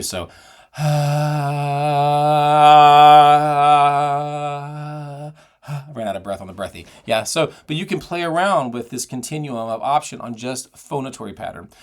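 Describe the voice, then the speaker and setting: A middle-aged man giving a singing lesson, explaining and demonstrating vocal technique. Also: lowish voice. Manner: explanatory, demonstrates sounds and sung phrases. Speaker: singing voice teacher.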